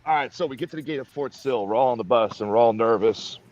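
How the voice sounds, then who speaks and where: A man's voice: mid-range voice, quick pace, highs cut off. A man telling a profane army story in casual podcast chat. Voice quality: profane, animated.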